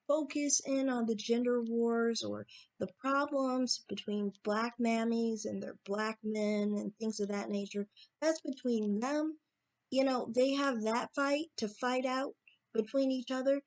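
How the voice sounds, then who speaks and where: Assertive woman with a slightly high voice. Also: darkish tone. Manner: assertive, repeats points for emphasis. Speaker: YouTube commentator. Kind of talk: opinion monologue to camera.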